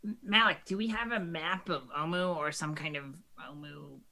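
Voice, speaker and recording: Chatty woman player, bright tone. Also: deep voice, moderate pace, vocal fry. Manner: hesitant, chatty with many fillers. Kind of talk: tabletop role-play.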